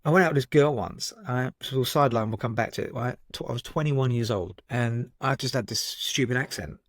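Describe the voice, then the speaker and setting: A man from Southend speaking as a podcast guest, telling personal stories in a lively, unfiltered way. He swears freely and keeps checking in with "right?" and "you know what I mean?". His voice sits at a middling pitch and is recorded close and dry. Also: brisk, no echo. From Southend, England. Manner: lively storytelling, frequent swearing and "right?" tags. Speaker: guest psychotherapist. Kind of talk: candid podcast conversation.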